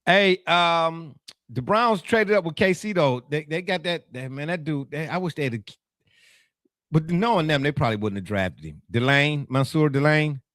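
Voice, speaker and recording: A man hosting a casual sports talk show, animated and teasing, laughing often. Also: fairly high pitch, normal speed, no echo, clean studio sound.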